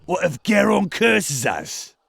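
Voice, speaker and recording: A man's voice: high voice, wildly swooping pitch, slow, creaky, a bit bright, breathy edge, full character voice. An actor playing a nervous, superstitious young henchman in a video game. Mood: uneasy.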